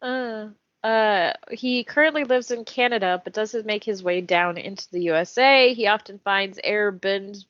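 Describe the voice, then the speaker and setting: A woman's voice: mid-range voice, a little slow, few pauses, fairly bright tone, dry recording. A woman reads a character profile on a casual podcast, stopping between fields for joking comments. The recording is dry and a little muffled, with no room sound. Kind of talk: casual chat. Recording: dull, dry podcast audio.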